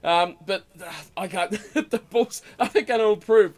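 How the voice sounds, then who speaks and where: High-voiced New man chatting rugby. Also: moderate pace. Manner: relaxed, rambling, frequent ums and uhs. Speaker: podcast host. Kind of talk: casual rugby chat.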